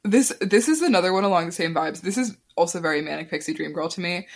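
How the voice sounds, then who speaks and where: A woman's voice: on the low side, quick pace. A young adult woman hosting a podcast in casual chat, talking loosely and saying "like" a lot. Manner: chatty, sprinkles "like" through her talk. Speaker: podcast host.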